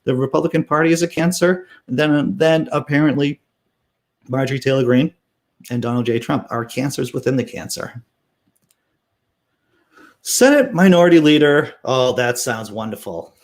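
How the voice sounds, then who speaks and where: A man's voice: mid-range voice, moderate pace, long pauses. A man hosting a casual political commentary stream, reading news aloud with sarcastic asides and answering chat. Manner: sarcastic, animated, laughs while reading.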